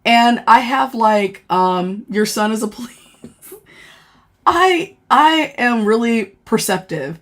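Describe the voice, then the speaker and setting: A woman, a former corrections officer, casually telling a story on a livestream, animated and profane, with lots of fillers. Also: a little high, measured pace, few pauses. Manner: animated, profane, laughing and dramatizing; chatty with many fillers.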